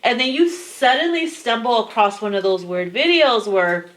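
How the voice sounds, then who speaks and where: A woman's voice: on the high side, expressive, moderate pace, fairly bright tone. A young adult woman reading tarot, talking casually to her viewers late at night in a rambling, chatty way with some swearing. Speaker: tarot reader.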